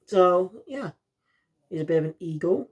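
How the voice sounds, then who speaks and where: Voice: mid-range voice, lively intonation, measured pace, a little mellow, breathy edge. A reviewer from South Wales, talking in a rambling, casual way and often losing the thread.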